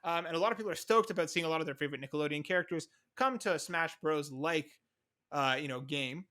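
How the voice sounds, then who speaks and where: A young man chatting on a casual podcast, his words tumbling out at a quick clip. His voice sits a little high and sounds bright and forceful. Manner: fast, animated, talks over his co-host. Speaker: podcast co-host.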